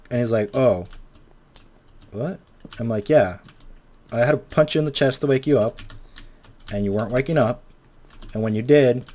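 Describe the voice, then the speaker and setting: A man's voice: medium pitch, mellow. A young man in his twenties telling a rambling, profane story while playing a game, often acting out what people said. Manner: rambling, swears a lot, acts out quotes. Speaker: Minecraft video maker.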